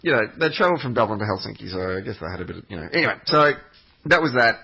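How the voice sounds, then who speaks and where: Very fast and expressive, this podcast regular has a fairly low, creaky voice that is pushed and bright with a breathy edge. He rambles through a profane travel tale packed with fillers and false starts, and the recording is muffled and lo-fi.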